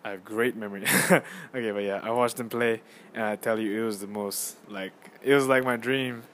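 A young man hosting a casual solo podcast on his phone, rambling and excitable as he tells a story with lots of fillers and restarts. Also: fairly low pitch, moderate pace, a little hiss or hum. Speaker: podcast host.

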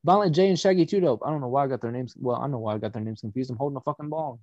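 A man's voice: medium pitch, racing, a little mellow, no echo. A man in casual chat, cracking crude, offbeat jokes. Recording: dry, dull lo-fi recording.

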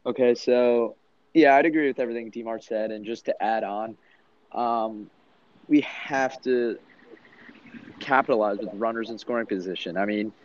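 A man's voice: mid-range voice, moderate pace, highs cut off. A young man speaking earnestly and steadily in a casual podcast chat. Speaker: podcast co-host.

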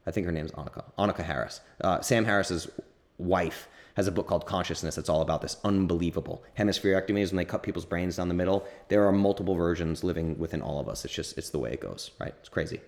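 Man, podcast host, deep low voice, loose rambling chat, self-correcting, swears casually. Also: quick pace, vocal fry. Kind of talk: casual solo podcast answering listener questions.

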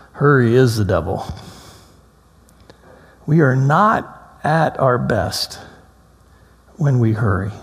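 A man preaching a sermon as a pastor, telling a story with lively acted-out quotes before slowing into reflective reading. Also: mid-range voice. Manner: storytelling, animated, acts out quotes in a raised voice. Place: church sanctuary. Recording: long hall reverb.

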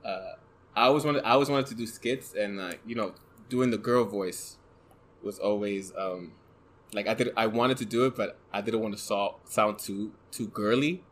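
A man with a soft voice, speaking as a podcast guest in casual conversation, hesitant and full of fillers and restarts. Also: fairly low pitch, normal speed. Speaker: guest, photographer and content creator.

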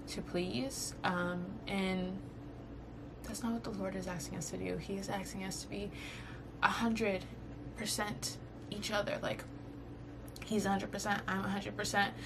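A woman's voice: mid-range voice, noisy background. A young woman from Southern California hosting a podcast, talking in a casual, earnest and emotional way about faith and getting through hard times, with many fillers and restarts. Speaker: podcast host. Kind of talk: casual faith-based advice talk.

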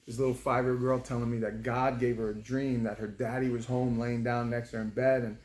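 A man's voice: mid-range voice, flat delivery, brisk, darkish tone. A man in his fifties, a former prisoner, telling a personal story in a casual, emotional way, with many halts and restarts. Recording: roomy room with faint background noise.

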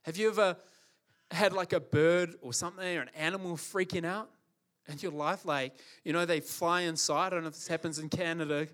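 A man delivering a sermon with impassioned emphasis, stacking repeated phrases to drive his points home. His speaking voice sits high for a man. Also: fairly even intonation, fairly quick, fairly bright tone. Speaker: preacher.

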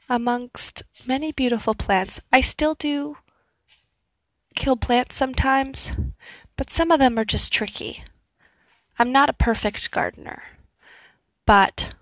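A woman's voice: fairly high pitch, no room sound. A young woman telling a personal story in a candid, reflective way, acting out her own past thoughts. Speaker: vlogger.

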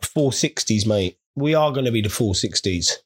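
A man's voice: lowish voice, expressive, moderate pace, breathy edge. A man in a crude, rambling comedic rant, swearing freely as he talks to his viewers. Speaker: vlogger. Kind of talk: casual comedic rant to camera.

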